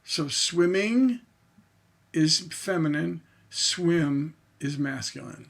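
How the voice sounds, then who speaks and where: A man's voice: fairly high pitch, slow pace, fairly bright tone, slightly rough. A man teaching songwriting in a livestreamed lecture, explaining syllable stress by tapping out rhythms aloud.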